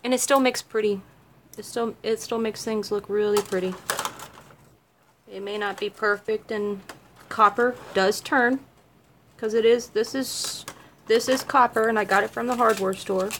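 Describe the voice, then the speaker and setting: A woman's voice: mid-range voice, steady tone, measured pace, long pauses, a bit bright, a little hiss or hum. A woman making jewelry at home, chatting casually with viewers as she works and answering their questions. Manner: chatty, laughs easily, talks to viewers by name. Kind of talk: casual livestream chat while crafting. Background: dog barking.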